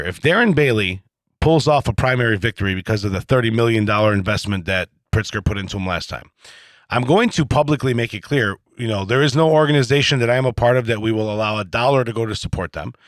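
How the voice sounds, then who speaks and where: A man's voice: mid-range voice, no room sound. A man hosting a political podcast interview, talking bluntly and animatedly with plenty of profanity. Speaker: podcast host.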